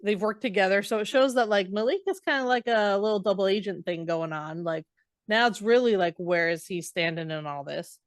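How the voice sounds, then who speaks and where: A woman's voice: mid-range voice, fairly quick, no room sound, studio quality. Woman casually recapping a book, chatty. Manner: chatty, loose retelling with many "like"s and "uh"s. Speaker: podcast co-host.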